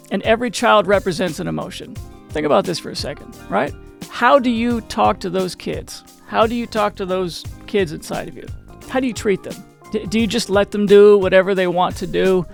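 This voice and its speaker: A man with a fairly high voice and a lot of gravel and fry in it talks casually to camera, hosting his own channel. He repeats himself, restarts sentences, and keeps turning questions back to the viewer. Faint music sits underneath. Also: moderate pace. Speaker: channel host.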